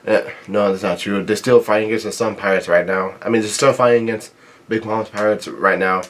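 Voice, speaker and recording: A man's voice: fairly low pitch, steady tone, brisk. A man reading a comic chapter aloud and commenting casually, often stopping to think and correct himself mid-sentence. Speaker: manga reader reacting to a new chapter. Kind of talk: casual read-along commentary.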